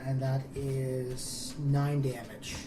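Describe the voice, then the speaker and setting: A man's voice: medium pitch, level tone, very slow. A man playing a tabletop game, rowdy and profane as he declares his attacks. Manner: boisterous, swearing. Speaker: player. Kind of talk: casual tabletop game play. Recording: echoey room from far off with noise.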